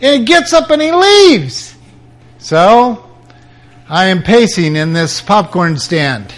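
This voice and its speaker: Slow-spoken older man telling a testimony. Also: sits high, sing-song. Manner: dramatic storyteller, voice rising at intense moments. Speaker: preacher. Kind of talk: personal testimony.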